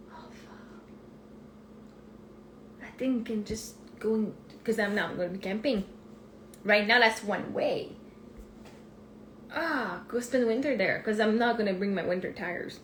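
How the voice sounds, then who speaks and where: A woman, a life coach rambling excitedly and thinking aloud in a casual live stream from her phone. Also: a little high, slow, pauses often, a little hiss or hum. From Canada. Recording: roomy echo.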